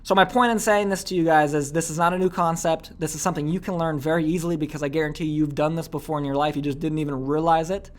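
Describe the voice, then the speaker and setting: A man's voice: on the high side, fairly even intonation, fast talker, hardly any pauses. A man teaching an online course in a casual, chatty way, full of fillers and frequent "okay?" asides. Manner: acts out little quoted scenes.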